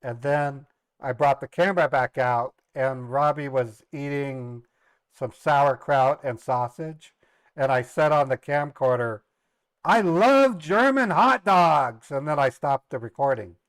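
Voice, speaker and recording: A man's voice: medium pitch, fairly even intonation, a little slow, clean tone, dry recording. A middle-aged man casually telling family stories on a livestream, rambling, repeating words and laughing at his own jokes. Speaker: live streamer and scambaiter.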